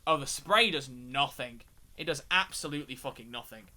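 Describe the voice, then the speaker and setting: A man's voice: mid-range voice, animated, moderate pace, bright, forceful tone. A young man streaming a game, chatting casually, ranting and swearing often, with frequent restarts. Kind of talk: casual live-stream gaming commentary.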